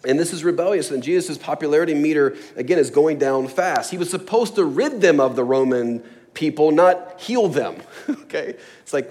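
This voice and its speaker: A man's voice: a little high, animated, normal speed, a little mellow. A man preaching a sermon, explaining a scripture passage with storytelling and acted-out asides. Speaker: pastor.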